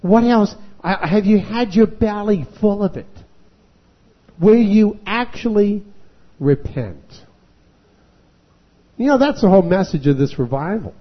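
A man preaching a revival sermon, acting out voices and rising to shouting. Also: high-pitched, expressive, unhurried, dull audio. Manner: dramatic, acts out voices and rises to shouting.

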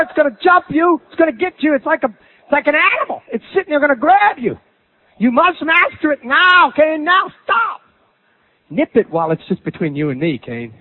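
A man preaching a sermon, dramatic, swinging from loud bursts to low asides. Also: no echo. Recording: tinny phone-like sound.

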